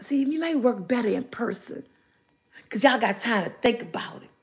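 A woman's voice: on the high side, expressive, normal speed. An older woman hosting a casual live vlog, chatting with viewers, reading their comments aloud and laughing often. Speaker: vlogger.

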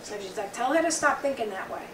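A woman's voice: a little high, lively intonation, fast talker. A woman with a Long Island accent giving a chatty, rambling psychic reading to a small group, relaying messages in quotes. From Long Island, New York. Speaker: psychic reader. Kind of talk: live psychic reading for an audience. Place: bookstore event room, small group. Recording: roomy, from far off, faint noise.

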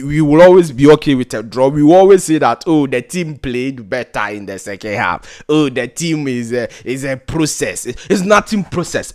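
A man with a Ghanaian accent giving an exasperated, repetitive football rant, laughing in disbelief at times. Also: fairly high pitch. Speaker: football pundit. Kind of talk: ranting football commentary.

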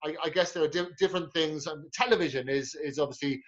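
A man's voice: fairly high pitch, fast talker. A man hosting a comedy interview show, enthusiastic and affirming, often stumbling and restarting his sentences. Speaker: show host. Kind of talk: casual interview chat. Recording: muffled lo-fi video call audio.

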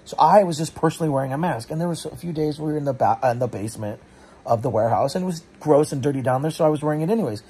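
A man's voice: a little high, very fast, dark tone, husky. A man telling a frustrating story in a casual vlog, rambling and self-questioning, his voice a bit congested from allergies. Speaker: vlogger.

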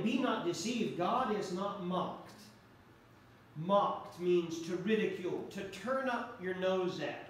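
A pastor preaching a sermon earnestly, repeating key phrases for emphasis. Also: male voice, high-pitched, a little hiss or hum. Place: church sanctuary. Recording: echoey church hall from far off.

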